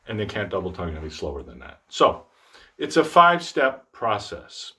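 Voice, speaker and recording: A middle-aged man teaching trombone tonguing in a relaxed, self-deprecating way, speaking out the articulation syllables as he explains them. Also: lowish voice, moderate pace. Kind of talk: instructional demonstration.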